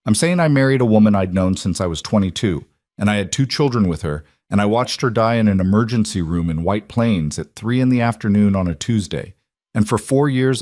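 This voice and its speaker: A man voicing a guarded fifty-one-year-old crime boss who speaks in plain, deliberate sentences. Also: on the low side, a little mellow, no echo, studio quality, natural voice.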